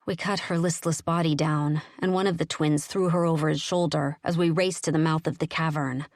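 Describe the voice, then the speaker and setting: A woman narrating an audiobook in the first person, with a steady, even storytelling delivery. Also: low voice, moderate pace, no echo, clean studio sound.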